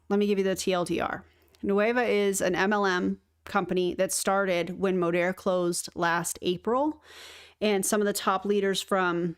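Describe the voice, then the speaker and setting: A woman hosting a reaction commentary, talking back to clips in a sarcastic, joking way with quick asides. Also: mid-range voice. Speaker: commentary host.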